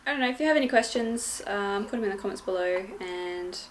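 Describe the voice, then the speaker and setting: A woman's voice: medium pitch, brisk, slight background noise. A young woman and new mother giving a casual vlog update at home, hesitant, with many ums and restarts.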